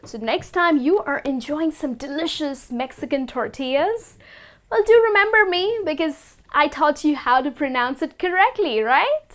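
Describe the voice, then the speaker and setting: A woman teaching the correct pronunciation of food words, speaking slowly and deliberately and repeating each word with care. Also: sits high, animated, a bit bright. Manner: instructive, slow and deliberate, repeats words carefully. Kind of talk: scripted lesson to camera.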